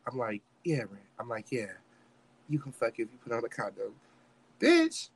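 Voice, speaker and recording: Brisk and a little rough, this young man's mid-range voice comes through a dry recording as he shares a story on a podcast. He plays up the drama, acts out each quote, and curses liberally.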